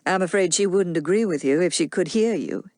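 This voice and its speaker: A woman voicing a smooth, crafty grown man who coaxes and persuades without hurrying. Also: on the low side, a little fast, a little mellow, no echo, lightly acted. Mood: persuasive.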